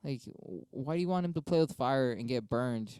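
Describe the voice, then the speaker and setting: A young man rants his way through debate prompts on his own stream, swearing freely and arguing both sides. His voice is dark and smooth, and it sits dry and close to the mic. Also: mid-range voice, animated, moderate pace, no room sound. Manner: profane, rambling, argues both sides with himself. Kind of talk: casual solo monologue.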